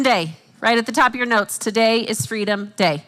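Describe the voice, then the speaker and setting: A woman speaking at a Christian conference, teaching with animated asides and jokes for the audience. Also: a little high, normal speed, few pauses, slight background noise. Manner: animated, quotes herself and others in acted voices.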